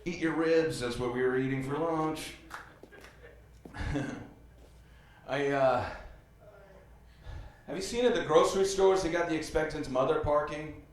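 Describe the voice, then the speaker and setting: A man performing a stand-up comedy set on a club stage, rambling loosely with many fillers and telling dark jokes flatly. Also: on the high side, unhurried, long pauses, a little hiss or hum. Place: comedy club stage before a live audience. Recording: roomy club sound, distant mic.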